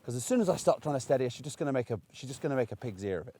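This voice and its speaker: A man's voice: mid-range voice, animated, racing, warm tone, slightly rough. A man, a dog trainer, chatting and explaining as he demonstrates puppy training outdoors, with frequent restarts. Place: outdoors in a paddock.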